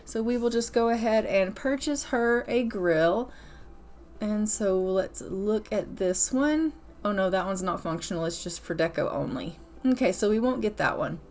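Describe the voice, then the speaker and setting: This gaming channel host, a woman, narrates a life-simulation let's-play in a relaxed, playful, chatty way, laughing here and there. Her medium-pitched voice is lively and darkish, moving at a moderate pace.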